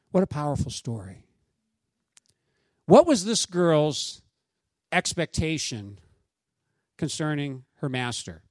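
A man's voice: on the high side, sing-song, takes it slowly, long pauses, no room sound. A man preaching a sermon, reading a scripture passage aloud and then talking it over with his listeners in an emphatic, conversational way. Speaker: pastor.

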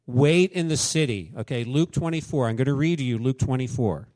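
A man's voice: medium pitch, a little fast, a little mellow, dry recording. A man preaching a sermon as pastor, candid and conversational, telling stories and acting out quotes.

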